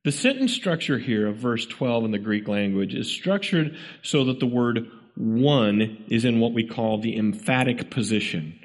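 A man's voice: medium pitch, a little slow, long reverb tail. A man preaching a sermon, pressing his points with emphatic repetition and rhetorical questions to the congregation.

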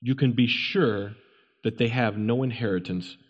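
A man preaching a sermon as pastor, swinging between loud stern warnings and soft low asides. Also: moderate pace, husky, highs cut off. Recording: long hall reverb.

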